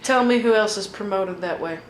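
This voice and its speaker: A woman's voice: mid-range voice, fairly quick. Blunt, swearing woman podcaster, echoey. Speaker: podcast co-host. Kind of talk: casual chat. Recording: echoey room with faint hiss.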